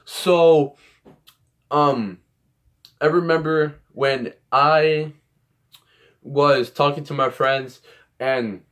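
Rambling young man, fairly high voice. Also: drawn-out words, long pauses. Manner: rambling, animated storytelling. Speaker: YouTuber giving comedy tips. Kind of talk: casual vlog talk.

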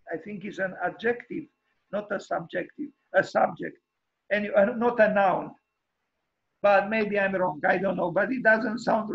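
Halting, gravelly high-voiced male architect lecturer. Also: dull audio. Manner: hesitant, halting, with many fillers and restarts; frank and wryly opinionated. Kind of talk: informal online lecture. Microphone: video call microphone.

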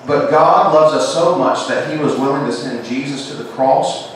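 A Southern American preacher gives a church sermon at medium pitch and normal speed, building to raised, emphatic declarations and then falling to soft, hushed lines. He's heard from a distance in a very echoey sanctuary with a faint hum of room noise.

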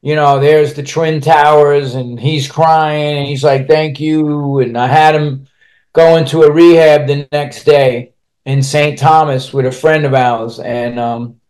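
A man's voice: on the high side, fairly even intonation, measured pace, a little mellow. A man with a slightly raised voice recounts his own life as a podcast guest. He speaks bluntly and profanely, rambling through his story and restarting sentences as he goes. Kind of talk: candid personal storytelling.

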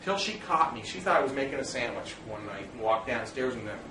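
A man's voice: medium pitch, sing-song, a little fast, recorded from a distance, noisy background. A man, a father of a child with special needs, talking earnestly and plainly to other dads and telling personal stories. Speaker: parent speaker addressing fathers. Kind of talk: informal talk to an audience. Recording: roomy echo, speaker away from the mic, faint ambience.

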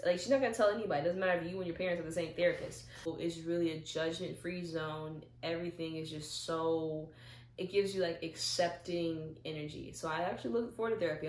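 Lively young woman, low voice, roomy echo. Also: slight background noise. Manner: animated storyteller, acts out little dialogues. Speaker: vlogger. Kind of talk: casual talk to camera. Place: at home, seated in a chair.

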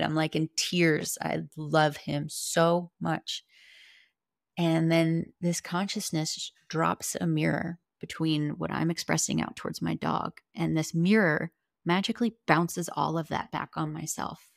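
A woman's voice: low-pitched, little pitch movement, measured pace, gravelly, no room sound, clean studio sound. A woman guest on a podcast, earnestly and candidly telling a personal story, with casual swearing.

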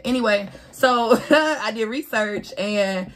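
A woman's voice: medium pitch, normal speed. Woman reader, casual and preachy, talks right to the viewers. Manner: animated, preachy, swears and laughs, talks straight to viewers. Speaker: tarot reader. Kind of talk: casual spiritual reading to camera.

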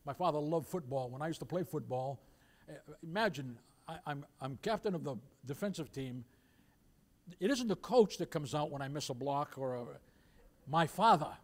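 An older man preaches in a church, his voice sitting high for a man. He drops to soft, intimate storytelling and then climbs to loud, fervent declarations. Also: animated, normal speed. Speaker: pastor. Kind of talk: sermon with storytelling. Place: church sanctuary.

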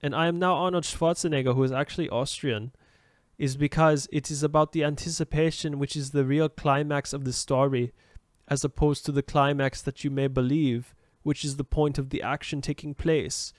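A man putting on a thick German accent to give a stiff, overly formal explanation, with his voice pitched up a little. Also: steady tone, moderate pace, dry recording, studio quality, lightly acted. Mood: mock-serious.

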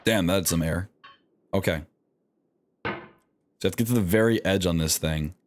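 A man's voice: sits low, normal speed, noisy background. A man streaming live, commenting as he plays, talking to himself, swearing often, and coaxing himself through each attempt. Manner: animated self-talk, frequent swearing.

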